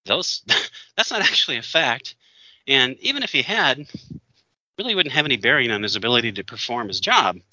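A man with a very bright, forceful voice recounts a story in a loose, animated way, jumping into other people's voices as he goes. The sound is dry and a little dull, as if close-miked on modest gear. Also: medium pitch, moderate pace, dry recording. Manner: animated, acts out quoted voices, laughs often. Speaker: podcast co-host. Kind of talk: casual storytelling chat.

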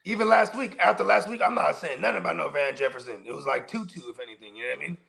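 Gravelly fast-talking man, lively pitch. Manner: rambling, profane, says "you know what I mean" a lot. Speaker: co-host. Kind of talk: casual fantasy football chat.

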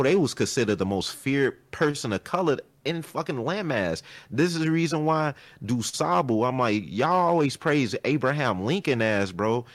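Profane animated man telling a story. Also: mid-range voice, no room sound. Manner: animated, profane, retells a heated argument. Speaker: podcast host. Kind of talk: casual storytelling chat.

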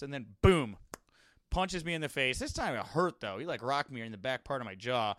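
A young man hosting a podcast, telling rambling, animated anecdotes in a casual monologue. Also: mid-range voice, fairly quick, no room sound, studio quality. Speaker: wrestling podcast host.

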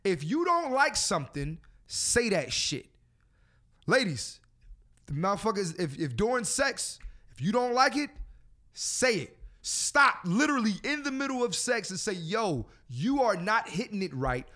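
A man's voice: high voice, sing-song, unhurried, sharp tone. A man hosting a casual podcast, talking in a profane, preachy and joking way. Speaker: podcast host.

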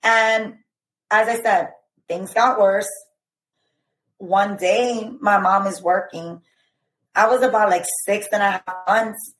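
A woman in her thirties speaks as a podcast guest with a middle-pitched voice. She retells her story earnestly and haltingly, leaning on "like" and "I remember" as she restarts her sentences. The recording has a roomy echo. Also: steady tone, a bit bright. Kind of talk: personal storytelling.

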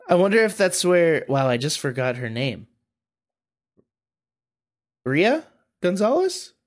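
A man's voice: sits high, wildly swooping pitch, slow, pauses often. A man co-hosting a wrestling podcast, chatting casually and hesitantly with many restarts. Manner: hesitant, full of ums and restarts. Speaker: podcast co-host. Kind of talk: casual chat.

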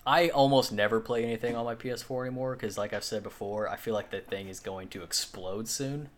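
Low-voiced man rambling in casual chat. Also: brisk, a little hiss or hum. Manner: rambling, filler-heavy, swears casually. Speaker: podcast co-host.

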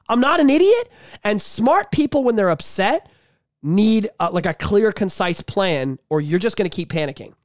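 High-voiced profane man chatting on a podcast. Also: no room sound. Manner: profane, animated, laughs often. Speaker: podcast co-host. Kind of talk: casual podcast chat.

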